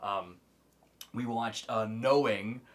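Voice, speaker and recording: A young man chatting casually about movies in a rambling, profane way, getting loud and animated when he rants. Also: lowish voice, slow.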